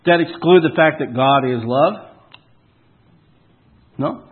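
A man with a fairly high, slightly rough voice preaches slowly in a folksy, punchy way, questioning his listeners and suddenly coming down hard and loud on key words. His sermon comes through with a tinny, phone-like sound.

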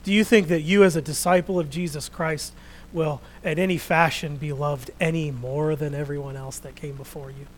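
A man preaching a sermon, reading scripture out loud and then talking quietly and earnestly to his congregation. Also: a little high, steady tone, moderate pace, slight background noise, rough recording. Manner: reads scripture loudly, then speaks quietly and reflectively.

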